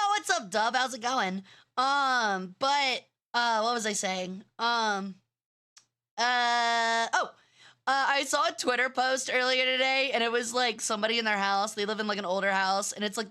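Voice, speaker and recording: A woman's voice: on the high side, sharp tone. A young woman streamer chatting casually and rambling, bratty in tone, swearing freely and using plenty of fillers. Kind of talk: casual live-stream chat.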